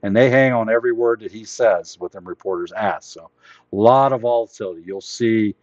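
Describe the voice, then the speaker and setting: Low-voiced man teaching trades, voice worn. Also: fairly quick, darkish tone, no echo, highs cut off. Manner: rambling, self-correcting, plain-spoken. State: losing his voice. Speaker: trading educator hosting a live stream. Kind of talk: casual live teaching.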